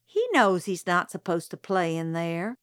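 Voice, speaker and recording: A woman's voice: lowish voice, lively intonation, a little slow, no echo, clean studio sound. A woman voicing a stern, prim middle-aged aunt in an audiobook, clipped and scolding. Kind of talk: audiobook character voice.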